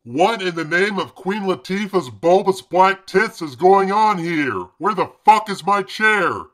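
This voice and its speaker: A man's voice: high voice, lively intonation, a little slow, a bit bright. A man voicing a grumpy, foul-mouthed fish dad. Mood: furious. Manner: ranting, cursing, exasperated.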